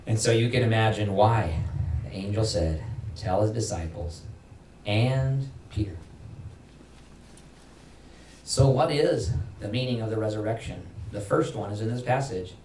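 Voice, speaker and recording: A man preaching a sermon as pastor, emphatic, climbing in pitch and loudness to stress his points and acting out quoted voices. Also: expressive, moderate pace. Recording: echoey hall from far off, faint noise.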